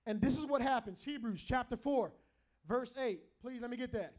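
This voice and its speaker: A man's voice: very high voice, moderate pace. A middle-aged man preaching a sermon in a church, joking and calling out to the congregation. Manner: animated, joking, calls out to the congregation. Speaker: pastor. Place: church hall with a live congregation.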